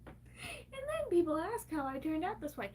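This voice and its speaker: A woman's voice: very high-pitched, sing-song, normal speed, a little mellow, far from the mic, slight background noise. A woman livestreaming, venting in an angry, profane rant.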